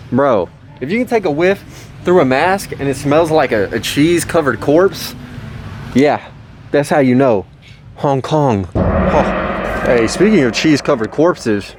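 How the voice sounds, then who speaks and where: A man giving a joking vlog of his thrift store finds, hyped and goofy, often jumping into high silly voices. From Texas. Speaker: vlogger showing thrift finds. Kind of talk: casual joking vlog narration.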